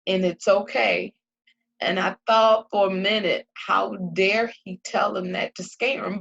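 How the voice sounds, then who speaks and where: A woman's voice: mid-range voice, steady tone, unhurried, vocal fry, fairly bright tone, husky. A middle-aged woman giving an emphatic, heartfelt faith talk to her viewers, repeating phrases with a preacher-like cadence. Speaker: faith vlogger. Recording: dull lo-fi recording.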